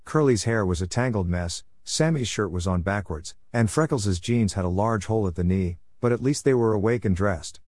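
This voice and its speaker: A man reading a family story aloud in the first person, in a steady, even storytelling manner. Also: on the low side, moderate pace, hardly any pauses. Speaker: audiobook narrator.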